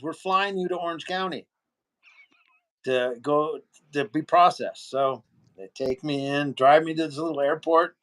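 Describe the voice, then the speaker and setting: Male interview guest, higher voice, lively raconteur who voices the people in his story. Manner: animated storyteller, acts out other people's lines.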